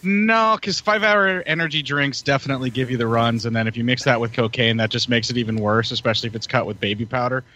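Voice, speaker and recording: A man's voice: mid-range voice, fairly even intonation, fast, few pauses, bright, forceful tone, slight background noise. A man chatting casually as a podcast co-host, hyped up and laughing often. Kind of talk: casual chat. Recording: muffled lo-fi audio.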